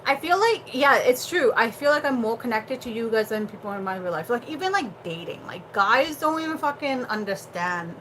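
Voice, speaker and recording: A woman's voice: on the high side, expressive, normal speed, few pauses, noisy background. A young adult woman hosting a casual livestream chat, blunt and chatty, swearing freely and using lots of fillers. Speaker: livestream host.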